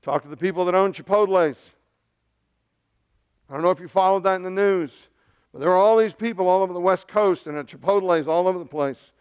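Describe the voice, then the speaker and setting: A male pastor preaching a sermon to his congregation in a conversational style, dropping to hushed tones and then rising loud and emphatic. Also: high-pitched, a little fast, clear, resonant tone, muffled recording.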